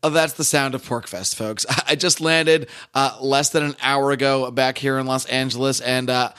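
A man hosting a podcast, hoarse and a little rough-voiced, talking in a chatty, enthusiastic way with plenty of fillers. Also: mid-range voice, fairly even intonation, normal speed, fairly bright tone. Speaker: podcast host. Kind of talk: casual podcast intro.

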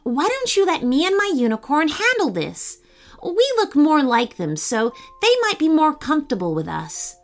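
An eager, brave young girl bursts out with excitement in a children's story, as a woman narrator puts her on. Her voice leaps high and swings widely, over faint background music. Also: normal speed, full character voice.

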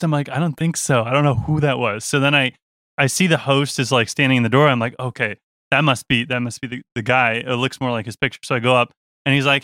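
A bright-voiced man tells a tour story with plenty of laughter, slipping into the other people's voices as he goes. The sound is close and dry. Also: mid-range voice, a little fast, no room sound. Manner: animated, laughs often, acts out the other voices. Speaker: band member telling a tour story. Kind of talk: casual storytelling.

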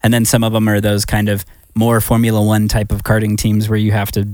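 A man's voice: on the low side, completely flat delivery, a little fast, darkish tone, no room sound, clean studio sound. A man co-hosting a casual racing podcast chat, laughing often as he explains details. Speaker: podcast co-host.

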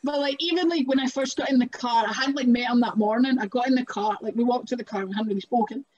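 A young woman chats on a podcast with a slightly high voice. She tells her wrestling stories loosely, leaning on "like" and laughing as she goes. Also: fast, a little mellow, muffled recording. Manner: chatty, many "like" fillers, laughs often. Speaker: guest professional wrestler. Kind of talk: casual podcast storytelling.

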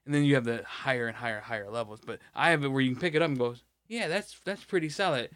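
A man's voice: mid-range voice, very fast, a bit bright, clean tone, no echo. A man co-hosting a podcast in casual chat, rambling and swearing with many restarts. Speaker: podcast co-host.

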